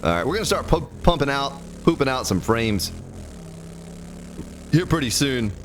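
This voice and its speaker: Folksy male let's-play streamer, very animated pitch, game music underneath. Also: normal speed. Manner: folksy, joking, talks to chat by name. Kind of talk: casual gameplay commentary.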